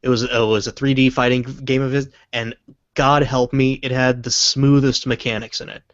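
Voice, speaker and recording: Brief: young male stream host, rambling, swears casually, middle pitch, dull dry lo-fi mic. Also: level tone, moderate pace, dry recording. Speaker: stream host reading viewer questions.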